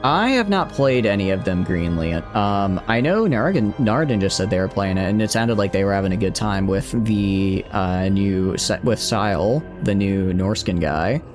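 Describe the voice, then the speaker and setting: A man's voice: lowish voice, lively intonation, normal speed, hardly any pauses, music in the background. A young man with a Southeastern US Southern accent, a streamer chatting casually while playing a strategy game, rambling and correcting himself as he answers chat. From Southeastern United States.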